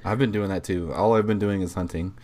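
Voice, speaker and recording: Laid-back male podcast co-host, low voice. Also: steady tone, fast talker, darkish tone. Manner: laid-back, joking, swears casually. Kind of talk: casual chat.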